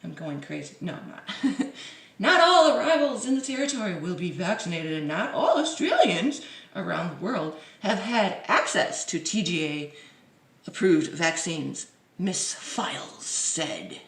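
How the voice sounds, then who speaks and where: A woman's voice: lowish voice, sing-song, unhurried, fairly bright tone, distant mic. A woman vlogger reads a news article aloud in a casual way, breaking off often for mocking, playful side remarks. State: dry throat. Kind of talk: casual reading with sarcastic asides. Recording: roomy echo.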